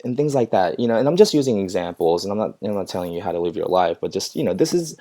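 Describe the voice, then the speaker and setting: Mellow, low-voiced man giving gentle advice. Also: very animated, quick pace, few pauses. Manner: reflective, encouraging, frequent ums and soft laughs. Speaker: pet groomer vlogger. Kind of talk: casual livestream chat, reading viewer comments.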